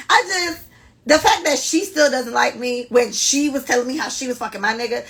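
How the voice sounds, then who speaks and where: A young woman in her twenties hosting a podcast, telling stories in a blunt, profane, animated way. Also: high-pitched, moderate pace, rough recording. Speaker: podcast host. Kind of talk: casual storytelling podcast.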